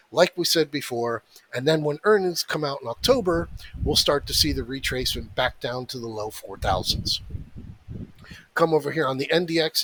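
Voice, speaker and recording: A man's voice: mid-range voice, fairly bright tone, a little hiss or hum. A man giving a blunt, profane, emphatic talk on options trading and market analysis, repeating his points for emphasis.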